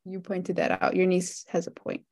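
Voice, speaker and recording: A woman's voice: fairly low pitch, monotone, normal speed, vocal fry, dark tone. A woman student chatting casually in an online class, friendly and filler-heavy, over a video call.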